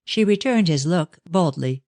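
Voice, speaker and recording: A man reading a mystery novel aloud as an audiobook narrator, in a steady storytelling manner. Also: a little high, unhurried, no echo, studio quality.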